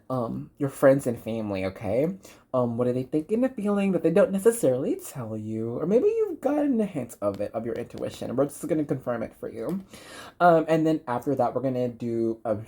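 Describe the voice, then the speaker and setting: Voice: mid-range voice, warm tone. Chatty, encouraging tarot reader. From Dallas, Texas. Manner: chatty and encouraging, rambling with many fillers. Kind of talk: tarot reading for viewers.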